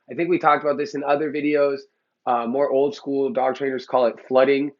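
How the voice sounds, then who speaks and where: A man's voice: medium pitch, steady tone, moderate pace, highs cut off. A man who trains dogs, lecturing bluntly to the camera in a heated, profane way. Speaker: dog trainer. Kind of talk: blunt opinionated talk to camera. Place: Los Angeles.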